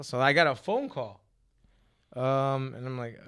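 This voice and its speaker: A man telling a story as a guest in a casual chat, animated and profane, acting out what others said. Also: mid-range voice, unhurried, clean tone.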